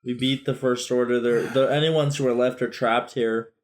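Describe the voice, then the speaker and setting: A man's voice: medium pitch, steady tone, normal speed. A tipsy man co-hosting a podcast, bluntly sarcastic and swearing as he chats about a film. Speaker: podcast co-host. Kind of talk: casual film review chat.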